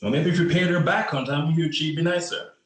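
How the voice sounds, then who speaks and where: A man's voice: lowish voice, sing-song, a little fast. A man reading the part of a sarcastic, combative young police officer in a play reading over a video call. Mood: confrontational. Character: young male cop, sarcastic and proud. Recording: roomy echo on the voice.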